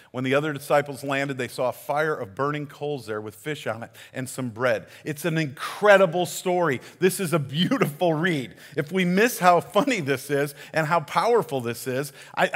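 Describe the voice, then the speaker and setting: A man's voice: mid-range voice, long reverb tail. A man giving a sermon as a community pastor, telling the story in a conversational way and often restarting his words.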